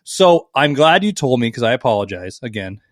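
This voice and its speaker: A man co-hosting a podcast in casual crude banter, swearing freely, laughing often and swinging between loud and soft. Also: medium pitch, big pitch swings, fairly quick, no echo, studio quality. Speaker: podcast co-host.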